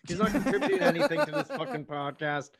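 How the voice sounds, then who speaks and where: A man's voice: high voice, huge pitch swings, quick pace, fairly bright tone. A man co-hosting a podcast over a video call, swearing and teasing his friends. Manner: crude, teasing, swears a lot. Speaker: podcast co-host. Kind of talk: casual chat.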